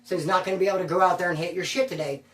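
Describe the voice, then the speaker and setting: A man's voice: high-pitched, steady tone, racing, fairly bright tone, recorded from a distance. A man telling a prison story in casual, profane slang, animatedly quoting the people in it. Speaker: storyteller recounting prison life. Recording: roomy, voice from afar.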